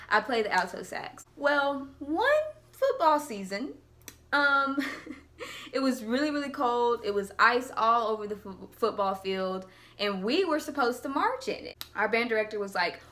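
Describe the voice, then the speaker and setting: A young woman tells funny stories to her camera. Her voice is bright and rather high, and she acts out each quote with animated energy. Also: normal speed. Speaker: vlogger. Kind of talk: casual storytelling.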